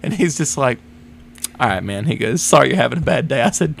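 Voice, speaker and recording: A man's voice: medium pitch, a little fast, vocal fry, a little hiss or hum. A young man co-hosting a podcast, telling a work story in casual chat, swearing freely and acting out what others said. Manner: animated storytelling, casual swearing, acts out quotes. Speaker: podcast co-host.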